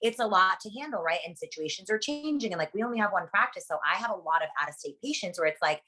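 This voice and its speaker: A woman who coordinates surgery patients, chatting in an interview in a rapid, animated and blunt way, swearing freely and often asking "you know what I'm saying?". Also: mid-range voice. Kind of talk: casual interview chat.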